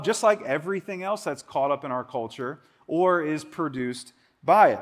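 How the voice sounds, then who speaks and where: Brief: male pastor, 40s, chatty sermon delivery, slightly higher-pitched voice, animated asides. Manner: conversational, animated, quick asides.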